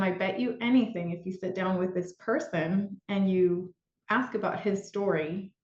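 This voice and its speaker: A woman speaks candidly as a podcast guest, telling a personal story with fillers and restarts. Her voice sits at a middle pitch. The recording is roomy and a little dull and lo-fi.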